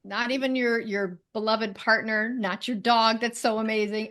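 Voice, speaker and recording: A chatty woman with a slightly higher voice, talking through a relaxed interview. Her delivery is animated and she laughs often as she explains her ideas. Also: moderate pace, few pauses. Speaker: guest, medical intuitive and spiritual teacher. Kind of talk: conversational interview.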